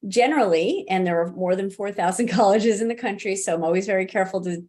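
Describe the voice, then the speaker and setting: Speaking quickly in a mid-range, darkish voice, a middle-aged woman responds to interview questions as a college disability services expert. She's conversational and laughs easily, with plenty of restarts and fillers.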